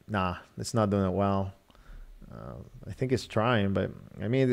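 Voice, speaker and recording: A man's voice: sits low, fairly even intonation, normal speed, vocal fry. A man from Nicaragua hosting a live-stream phone review, talking casually with many fillers and restarts. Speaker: livestream host reviewing a phone.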